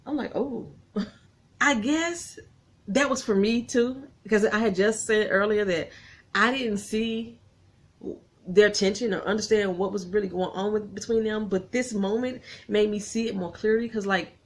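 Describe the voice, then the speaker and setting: A woman recapping a TV episode in an animated, chatty way, talking straight to her viewers and getting emotional as she goes. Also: mid-range voice, moderate pace. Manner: animated, gets emotional and laughs often; folksy, talks straight to viewers.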